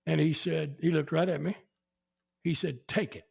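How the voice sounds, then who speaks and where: Husky gravelly older man. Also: fairly high pitch, moderate pace. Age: 70s. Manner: animated, acts out quoted people. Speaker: podcast guest. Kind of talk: anecdotal storytelling.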